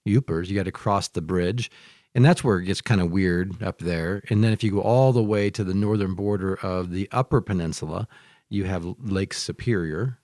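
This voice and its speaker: A man from Michigan, hosting a casual conversation as a lively, joking storyteller. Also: sits low, moderate pace, no echo, clean studio sound. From Michigan, United States. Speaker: podcast host.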